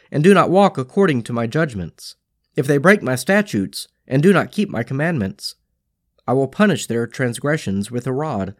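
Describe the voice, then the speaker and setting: A man reading psalms and a prayer aloud in a measured, solemn way as a podcast reader. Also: mid-range voice.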